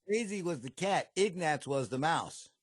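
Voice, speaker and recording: Man, podcast co-host, bantering, animated pitch, dry sound. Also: normal speed, slightly rough, no room sound. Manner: bantering, teasing. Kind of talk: casual podcast chat.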